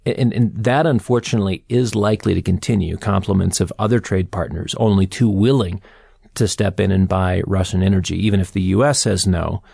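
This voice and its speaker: Man, low gravelly voice, dry studio sound; measured finance commentator, explains patiently. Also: fairly even intonation, darkish tone, no room sound. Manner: measured, explanatory, storytelling with quoted asides. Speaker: co-host and commentator. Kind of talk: financial podcast discussion.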